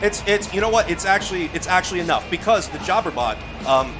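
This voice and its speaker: A man running a tabletop game as a wrestling announcer, shouting hype between filler-heavy narration. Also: high-pitched, animated, fast talker, music in the background.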